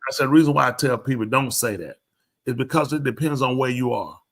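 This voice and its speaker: Here an older preacher talks fast with a medium-pitched voice, telling stories casually. He performs the dialogue in a raised voice, staying animated throughout.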